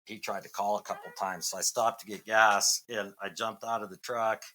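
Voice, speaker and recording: A man's voice: fairly low pitch, flat delivery, normal speed, bright, forceful tone. A middle-aged man from Massachusetts, a podcast guest, telling a long story in a rambling way with many fillers and restarts. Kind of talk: casual storytelling.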